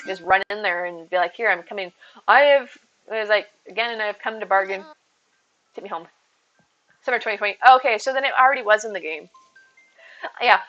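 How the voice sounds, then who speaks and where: A woman's voice: a little high, sharp tone. A woman live streamer chatting casually and rambling as she answers her chat, with faint music behind her. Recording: slightly dull stream audio with faint music.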